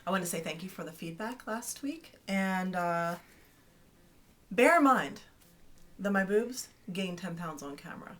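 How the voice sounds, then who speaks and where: A woman's voice: fairly low pitch, lively intonation, measured pace. Chatty, playful woman vlogger. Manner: chatty and playful, teasing asides. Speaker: video newsletter host. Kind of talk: casual vlog to fans.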